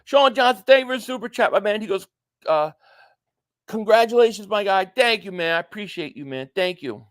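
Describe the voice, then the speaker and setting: Male stream host, high voice, dry close mic, chatty, reads out viewer comments. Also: animated, brisk, dry recording. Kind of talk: casual live stream chat.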